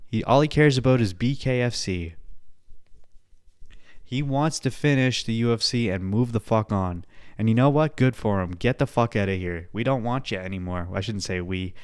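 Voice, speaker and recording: A young man hosting a podcast alone, chatting casually, swearing often, rambling and laughing at his own jokes. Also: lowish voice. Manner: profane, rambling, laughs a lot. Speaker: podcast host.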